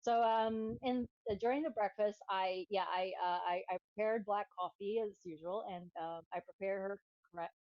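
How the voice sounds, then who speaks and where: A woman chatting casually as a guest, telling stories in an animated way. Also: medium pitch, moderate pace, hardly any pauses, dry recording, dull audio. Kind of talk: casual chat.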